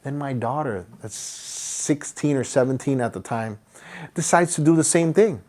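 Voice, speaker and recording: A man guesting on a boating podcast, telling a rescue story in an animated way and jumping into other people's voices. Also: mid-range voice, moderate pace. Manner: excitable, acts out others' voices, many restarts. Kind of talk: animated storytelling in casual interview. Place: podcast studio.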